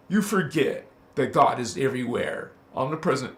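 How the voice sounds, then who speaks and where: A man giving an impassioned spiritual talk, casual and slangy, swearing and flaring up into loud outbursts. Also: mid-range voice, animated, a little slow, echoey room. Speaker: spiritual teacher.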